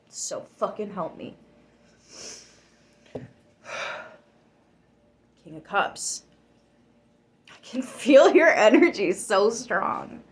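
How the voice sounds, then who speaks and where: A woman tarot reader talking straight to her viewers, emphatic and easily worked up. She swears freely as she pushes her point. Her voice sits at an ordinary middle pitch for a woman. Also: a little hiss or hum. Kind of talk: tarot reading to camera.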